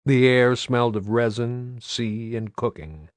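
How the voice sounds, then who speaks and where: A man reading an audiobook as narrator with an even, steady delivery. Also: medium pitch, unhurried, no echo. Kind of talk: scripted narration.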